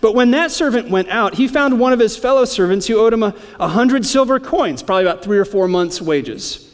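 A man's voice: high voice, lively intonation, a little fast, big-room sound. A man preaching a sermon, explaining scripture in a conversational way with casual asides. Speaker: pastor.

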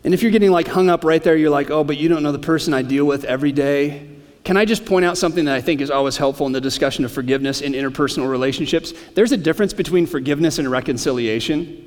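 A man's voice: fairly high pitch, big-room sound. A man preaching a sermon, explaining scripture in a conversational way with casual asides. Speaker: pastor.

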